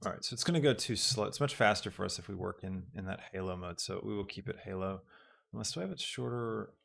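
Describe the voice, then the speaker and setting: A young man talks through a live software tutorial at his computer. His voice sits low and carries a gravelly fry, and he meanders with frequent ums as he works things out aloud. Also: fast talker. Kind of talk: live-streamed casual tutorial.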